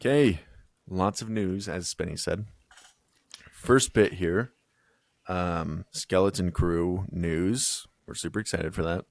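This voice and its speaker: Deep-voiced laid-back young man. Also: takes it slowly, creaky, dry recording. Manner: laid-back, easygoing, says "dude" and "um" a lot. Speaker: podcast co-host. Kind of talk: casual chat.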